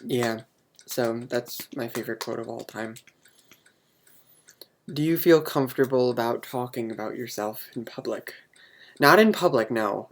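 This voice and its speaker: Young man vlogger, unsure and halting, earnest, wears his heart on his sleeve. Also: mid-range voice. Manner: hesitant, halting, full of ums; earnest and openly emotional. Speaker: vlogger answering viewer questions. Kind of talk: casual chat to camera.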